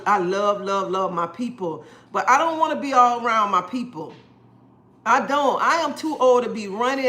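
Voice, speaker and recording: A woman's voice: fairly high pitch, pushed and bright. A middle-aged woman talking earnestly on her livestream, repeating her points and greeting viewers by name. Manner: earnest, preachy, repeats herself. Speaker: livestream host. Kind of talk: casual livestream talk.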